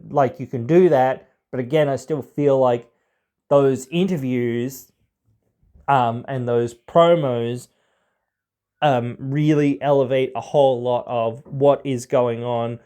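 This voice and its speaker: A man's voice: medium pitch, darkish tone. Rambling man on a wrestling podcast. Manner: rambling, heavy filler words. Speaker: podcast host. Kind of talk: casual podcast chat.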